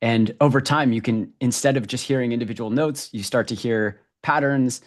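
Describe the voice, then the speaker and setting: An American man hosting a podcast interview, speaking in a relaxed way with many fillers like "um" and "like". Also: mid-range voice, moderate pace. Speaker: podcast host. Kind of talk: casual interview chat.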